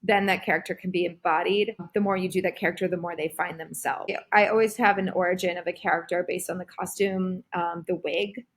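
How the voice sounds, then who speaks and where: Animated woman telling stories with many fillers. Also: fairly low pitch, brisk, few pauses, husky. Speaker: guest, performer and creative director. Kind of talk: casual podcast conversation.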